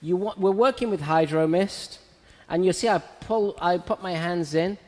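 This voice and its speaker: A high, slightly mellow male voice at normal speed fills a big-sounding room. The man, a host and hair educator, chats casually on a live stream, laughs frequently, and narrates a razor haircut while working.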